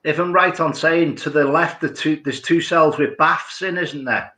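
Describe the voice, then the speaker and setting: Bright-voiced man in an echoey room. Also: a little high, normal speed. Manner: rambling, piles on "as well". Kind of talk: casual chat.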